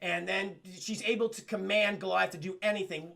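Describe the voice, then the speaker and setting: A young man retells a cartoon episode to his chat in a high, bright voice with plenty of gravel and fry. He swears freely and leaps up and down in pitch whenever he quotes a character, keeping it loose and animated. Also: moderate pace. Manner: animated, profane, swoops up and down the pitch when quoting characters. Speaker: cartoon reviewer streaming to chat.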